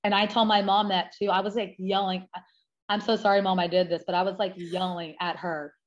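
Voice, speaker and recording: A woman's voice: mid-range voice, level tone, brisk, muffled recording. A young adult woman telling a personal story in an earnest, emphatic way, often restarting her sentences. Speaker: guest sharing her story.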